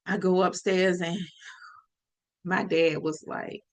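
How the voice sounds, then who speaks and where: A woman telling a personal story on her podcast, lively and speaking straight to her listeners. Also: lowish voice, slow. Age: adult.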